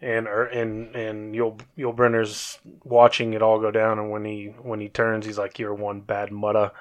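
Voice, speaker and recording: A man's voice: on the low side, completely flat delivery, normal speed. A man co-hosting a casual podcast, recapping a movie plot in a loose, rambling way with lots of fillers. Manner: laid-back, rambling with fillers and swearing. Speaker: podcast co-host.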